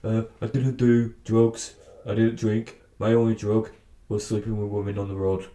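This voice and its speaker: A man doing a half-hearted impression of a frank retired male wrestler, speaking slower and lower than his own voice. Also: flat delivery, warm tone, reverberant, natural voice. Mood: frank confession.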